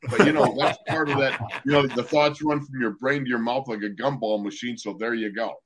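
A man telling a football story in relaxed podcast talk. His voice sits at an everyday middle pitch, and he jumps into quoted lines as he acts out the scene. He restarts words often as he goes. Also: brisk. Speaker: podcast co-host, former football player. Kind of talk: casual storytelling chat.

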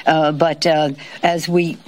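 A woman politician answering reporters' questions at a press conference, halting with many fillers and restarts. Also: deep voice, level tone, slight background noise.

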